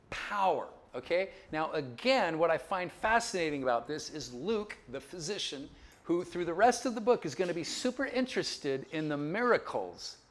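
Animated man teaching the Bible. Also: a little high. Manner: animated, checking in with listeners, chuckling asides. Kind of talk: Bible lecture.

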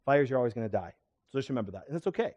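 A man's voice: medium pitch, very fast, muffled recording. Middle-aged male chiropractor leading a live seminar; keeps throwing questions at the room. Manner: animated, asks the audience questions. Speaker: chiropractor giving a health talk. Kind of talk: live seminar lecture to an audience.

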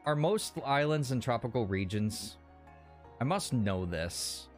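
A man's voice: medium pitch, sing-song, measured pace, soft background music. A man streaming a game live, chatting casually, laughing and swearing as he plays. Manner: laughs a lot, swears, banters with chat.

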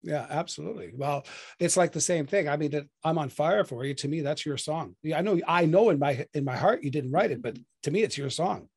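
A man's voice: on the high side, fairly quick, vocal fry, breathy edge. A man hosting an interview, reacting eagerly and chatting casually with his guest. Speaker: interview host.

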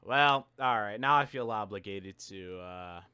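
Young male gaming creator, exasperated swearing rant, bright and crisp. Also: on the low side, unhurried. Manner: ranting, frustrated, swears often; repeats and restarts phrases. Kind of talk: live gameplay commentary.

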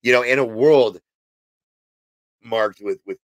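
A man's voice: fairly low pitch, measured pace, long pauses, no echo. A man teaching on a Bible passage in a casual, rambling way, full of fillers and restarts, sometimes emphatic. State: has hiccups. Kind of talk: informal spoken Bible teaching.

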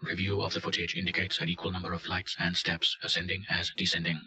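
Very deep flat-voiced male narrator. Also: fast talker, rough recording. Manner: deadpan, report-like. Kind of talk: scripted narration.

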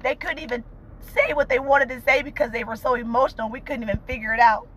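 A high-pitched woman speaks to her viewers from a car while crying. Her talk is fervent and tearful, and she keeps repeating encouraging phrases. She sounds like a mother sharing family news in a casual vlog. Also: fairly even intonation, fast talker, rough recording. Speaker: vlogger, mother of two young entrepreneurs. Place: inside a parked car.

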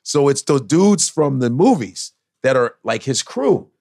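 A man, a comedian guest on a podcast, telling animated stories with lots of cursing and impressions. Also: mid-range voice, a little slow, dry recording, studio quality. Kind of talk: casual podcast storytelling.

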